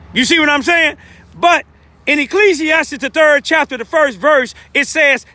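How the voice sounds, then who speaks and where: High-pitched older preacher outdoors. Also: male voice, pushed and bright. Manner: preachy, emotional, rambling with repeated asides. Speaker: lay preacher. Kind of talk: informal outdoor testimony. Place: outdoors in the cold, urban street.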